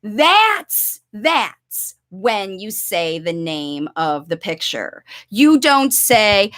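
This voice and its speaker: A woman coaching parents in an instructional video, talking them through a play demonstration and acting out excited voices for a child. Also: medium pitch, slow, few pauses.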